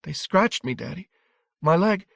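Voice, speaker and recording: A man's voice: a little high, measured pace, gravelly, no echo, clean studio sound, pitched above the performer's own voice, heavily acted. A man reading aloud, voicing a frightened little boy who trembles and pleads. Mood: near tears. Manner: trembling, struggling to stay calm.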